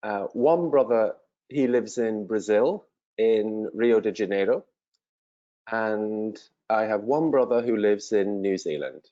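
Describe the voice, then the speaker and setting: Male, 50s, from England, English teacher; slow, clear, patient delivery with fillers, lowish voice. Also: warm tone, muffled recording. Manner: friendly and encouraging. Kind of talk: slow, simple self-introduction to language learners.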